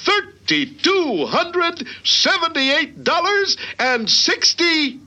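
Slick cartoon game show host, bouncy high voice, slow showy delivery. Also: male voice, sing-song, sharp tone, heavily acted. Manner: showy announcer patter, chuckling.

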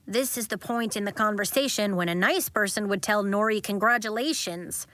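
A woman's voice: medium pitch, moderate pace, fairly bright tone, no room sound, natural voice. A woman voicing an earnest young schoolboy in a storybook reading.

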